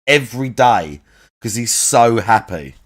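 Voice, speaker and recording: A man's voice: medium pitch, expressive, measured pace. A man mocking a clip in a reaction commentary, sarcastic, swearing and laughing often.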